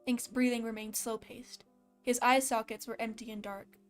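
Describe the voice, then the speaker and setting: A woman's voice: fairly high pitch, little pitch movement, normal speed, soft background music. A woman casually reading a fan story aloud with a slight lisp, stopping now and then to laugh and comment. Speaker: fan fiction reader.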